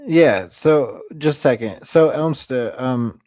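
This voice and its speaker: A man's voice: medium pitch, lively intonation, slow pace, a little mellow, dry recording. Chat-show host, a man with a mid-range voice, needling and insistent, dry close audio. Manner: pushy, teasing, demanding answers. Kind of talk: casual online chat show.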